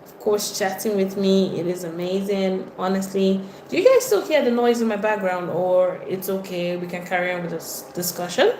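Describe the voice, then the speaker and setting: A woman's voice: medium pitch, normal speed, reverberant, slight background noise. A woman from Nigeria with a Nigerian accent, hosting a casual livestream, greeting viewers by name and reading their comments. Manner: chatty, greets viewers by name, lively exclamations. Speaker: livestream host.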